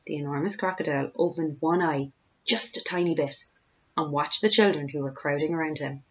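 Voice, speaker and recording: A woman, a teacher, reading a children's storybook aloud with expressive storytelling. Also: low-pitched, a little fast, muffled recording.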